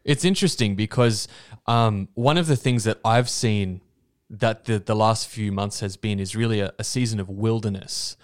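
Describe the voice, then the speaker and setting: A man's voice: lowish voice, normal speed. A man, co-hosting a casual podcast in a studio, talking earnestly about faith with plenty of "you know" and "um". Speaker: podcast co-host.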